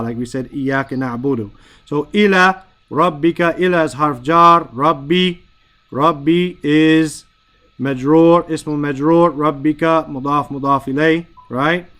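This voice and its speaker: Male teacher, somewhat higher voice, patient explainer, keeps checking the class follows. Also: measured pace, a bit bright. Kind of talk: Arabic grammar lesson.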